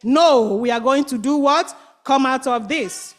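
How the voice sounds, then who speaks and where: Woman doing a hopeful little frog, earnest, pleading, high voice, slow and steady. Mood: urging. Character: hopeful determined male frog.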